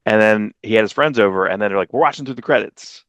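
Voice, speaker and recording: A man co-hosting a comics podcast in casual chat, rambling through stories and acting out quotes with sudden leaps in pitch. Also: fast, fairly bright tone, no echo. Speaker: podcast co-host.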